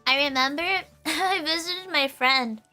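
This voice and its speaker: A woman streamer chatting casually with her viewers in a high, girlish voice, giggling often and filling her talk with "like". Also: measured pace, sharp tone, faint music behind. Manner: giggly, laughs often, full of "like" fillers.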